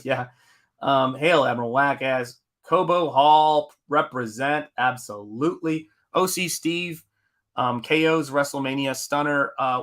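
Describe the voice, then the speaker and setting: Bright-voiced man chatting on a live stream. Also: medium pitch. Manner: rambling, reads chat aloud with fillers. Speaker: comic artist hosting a live stream. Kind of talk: casual live-stream chat.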